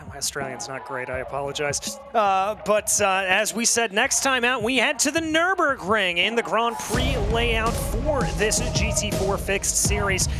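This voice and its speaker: A man hosting a racing broadcast, speaking in a polished, formal manner. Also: sits high. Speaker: race commentator and broadcast host. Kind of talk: broadcast sign-off.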